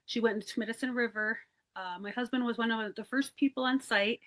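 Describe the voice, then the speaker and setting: Lady telling a long story on a video call, kinda high voice, lots of uhs and you knows. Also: fairly even intonation, a little fast, fairly bright tone. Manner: plain-spoken, rambling with many fillers. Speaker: search and rescue volunteer. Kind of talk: personal storytelling in an interview.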